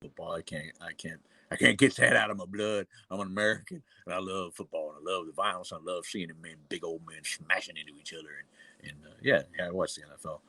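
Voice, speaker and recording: A man's voice: low-pitched, quick pace, gravelly, pushed and bright, breathy edge, dry recording. A middle-aged man from New England with a New England accent, hosting a casual livestream and talking bluntly and profanely, with many fillers and restarts. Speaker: livestream host.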